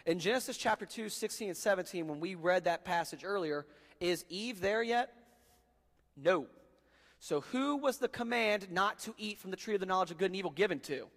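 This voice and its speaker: A man's voice: high voice, lively intonation, normal speed, a bit bright. Joking, casual preacher man, hall echo. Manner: casual and joking, talks to the crowd as guys, bro and dude. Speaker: pastor. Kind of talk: sermon.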